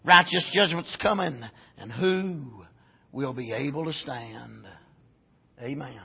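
A man preaching a sermon, swinging from shouted exclamations to low, quiet asides. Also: takes it slowly, vocal fry, breathy edge, lo-fi sound.

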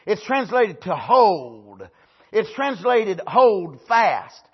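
Male pastor, high and husky, preaching with emphatic "amen" punctuation, rising to near-shouts then dropping low, on a dull lo-fi church recording. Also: big pitch swings, drawn-out words. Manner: swings from raised, near-shouted emphasis to low, quiet explanation. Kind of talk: sermon.

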